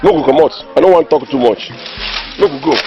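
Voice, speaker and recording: An actor playing a fuming villager. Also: male voice, lowish voice, fast talker, highs cut off, over music, close to an everyday voice. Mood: furious. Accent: Nigerian Pidgin English. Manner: fuming, forceful. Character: furious male villager demanding action.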